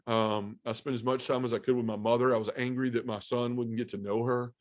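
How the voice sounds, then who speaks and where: A man sharing an emotional personal testimony as a podcast guest, earnest and halting, with many fillers. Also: mid-range voice, little pitch movement. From Memphis area, US South.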